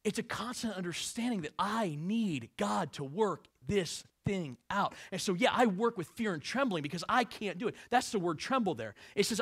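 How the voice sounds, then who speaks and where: A middle-aged man preaching a sermon as pastor, swinging between hushed asides and raised, emphatic passages. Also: high voice, expressive, normal speed, few pauses, slightly rough, dry recording, studio quality.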